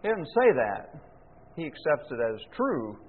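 Folksy male preacher, husky, rhetorical questions; echoey hall recording. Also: a little high, sing-song, unhurried. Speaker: pastor. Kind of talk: sermon. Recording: echoey hall, phone-like lo-fi sound.

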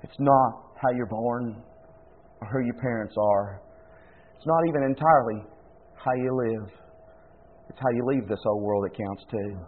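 A man preaching a sermon, swinging from loud pleading prayer to quiet storytelling. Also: mid-range voice, measured pace, pauses often. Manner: impassioned, shouts pleading prayers then drops to a hush. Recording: tinny phone-like sound.

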